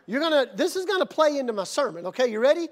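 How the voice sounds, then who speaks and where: A male pastor preaching a sermon in a church, moving from calm teaching to shouted, energetic call-and-response. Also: very high voice, rapid-fire. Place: church sanctuary.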